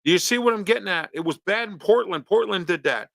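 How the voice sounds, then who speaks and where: A man's voice: sits high, animated, fast talker, vocal fry, a bit bright, dry recording. A man from hosting a local talk show, ranting his opinions with pointed rhetorical questions. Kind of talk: opinionated monologue.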